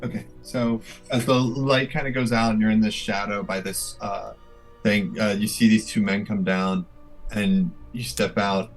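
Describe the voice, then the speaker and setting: A man's voice: fairly low pitch, fairly even intonation, unhurried, faint music behind. A man narrating as game master in a tabletop game, loose and full of fillers.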